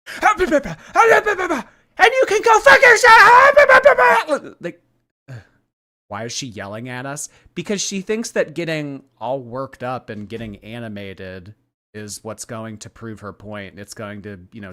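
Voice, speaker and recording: Bright-voiced slow-talking male streamer. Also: on the low side. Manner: sarcastic, chatty, thanks viewers for gifts. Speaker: livestream host. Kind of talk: casual commentary stream.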